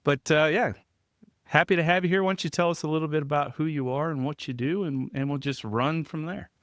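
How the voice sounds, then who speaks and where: A man's voice: on the high side, a little fast, no room sound, clean studio sound. A man hosting a podcast in a chatty, self-deprecating way, often laughing as he talks. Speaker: podcast host. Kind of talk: casual podcast chat.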